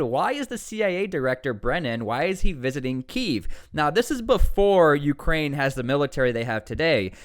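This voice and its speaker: Male news commentator, mid-range voice, smooth and clean tone, casual and animated, punches key words upward. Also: mid-range voice. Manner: reads out article text between remarks.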